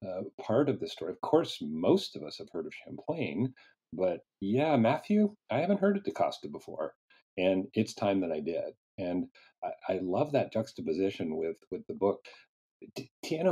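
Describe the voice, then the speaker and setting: A low, husky male host leads an interview over a video call. He talks in an earnest, halting way and keeps restarting his sentences. His voice is dark and mellow.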